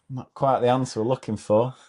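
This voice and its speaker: A man's voice: mid-range voice, level tone, normal speed, mellow. A man hosting a comedy show, reading out a thread of teacher anecdotes in a casual, amused way and often breaking into laughter.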